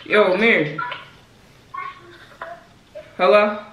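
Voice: medium pitch, extremely slow, a bit bright. Playful young vlogger in an echoey room. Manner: playful, laughing, making up rambling nonsense stories. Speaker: channel host. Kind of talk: casual vlog chat and prank phone calls. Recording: echoey room, faint hiss.

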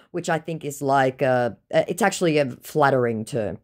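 Australian woman, blunt and mocking; lowish voice, very animated delivery. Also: normal speed, hardly any pauses. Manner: blunt, sarcastic. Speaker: scambaiter sharing chats. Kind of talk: reading chats aloud with commentary.

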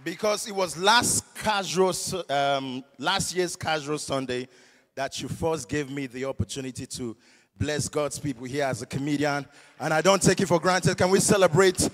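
Loud Nigerian church comedian. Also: male voice, on the high side, normal speed. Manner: loud call-and-response, rowdy and teasing. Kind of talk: stand-up comedy at a church service. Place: large church hall. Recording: echoey hall with long reverb.

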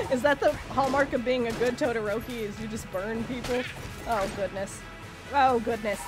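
A woman's voice: a little high, normal speed, long pauses. A woman streaming a game, giving dramatic, self-mocking commentary and yelping when panicked. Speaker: gaming streamer. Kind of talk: casual let's-play commentary. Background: game music.

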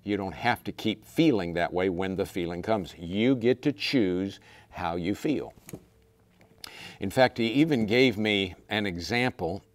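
Pastor guy preaching, lowish voice, dry close sound, keeps stacking lists. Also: unhurried, dry recording. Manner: emphatic, repetitive lists, growing more intense. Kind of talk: sermon.

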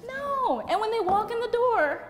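High-voiced, chatty woman in a reverberant hall. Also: animated, unhurried. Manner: chatty, giggly, peppered with "like". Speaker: seminar speaker. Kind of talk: casual presentation to an audience. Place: seminar room, on stage. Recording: reverberant hall with faint room noise.

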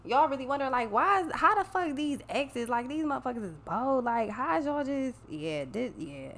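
A woman's voice: high-pitched, lively intonation, normal speed, a bit bright. A woman giving a casual tarot reading, talking bluntly and emphatically with plenty of swearing. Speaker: tarot reader.

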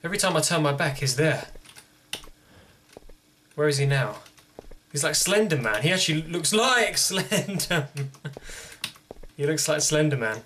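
A man's voice: fairly high pitch, expressive, a little slow, pauses often, a bit bright, slight background noise. A young man commenting on a horror game as he plays, jumpy and joking to himself. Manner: jumpy, jokey, talking to himself. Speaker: gaming video host.

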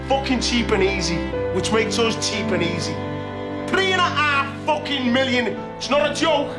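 An actor playing a volatile, menacing skinhead ringleader in a film, ranting aggressively with heavy swearing, with music underneath. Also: male voice, extremely high pitch, moderate pace. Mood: furious ranting. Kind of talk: film drama acting.

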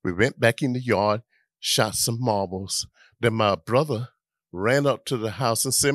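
A man's voice: mid-range voice, no room sound, studio quality. A man, telling a childhood story to an audience. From South Carolina. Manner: slow, lively, drawn-out childhood tale.

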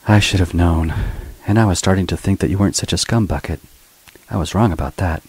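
A man's voice: sits low, brisk, a little mellow, slightly rough, full character voice. A man voicing a blunt, cool-headed young woman officer, in a storybook reading.

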